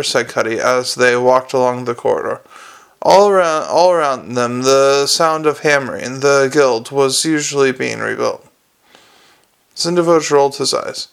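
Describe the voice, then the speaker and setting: A man narrating an audiobook, with measured storytelling and small slips. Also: mid-range voice, gravelly, fairly bright tone, clear, resonant tone.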